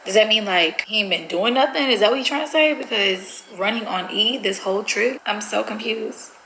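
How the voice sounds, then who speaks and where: A woman's voice: mid-range voice, normal speed, pushed and bright, reverberant, slight background noise, low-quality recording. A woman vlogger, chatty and nervous, talking to viewers while pulling a prank. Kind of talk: casual vlog chat.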